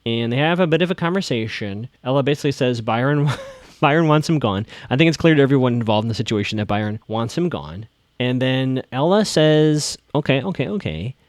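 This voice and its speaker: A man with a middle-range voice casually recapping a TV drama episode for his podcast. He rattles through scenes, quotes the characters in a flat voice and builds his own theories. The sound is dry and close, with no room echo. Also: medium pitch.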